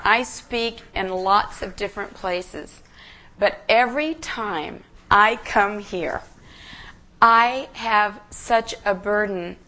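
Woman preaching slow and earnest in a church, emotional, keeps restarting. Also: on the high side, fairly bright tone. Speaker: guest preacher. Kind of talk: sermon.

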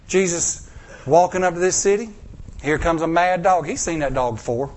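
A man's voice: a little high, normal speed. Dramatic preacher man. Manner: dramatic, acts out voices, swings from loud to hushed. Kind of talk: sermon storytelling.

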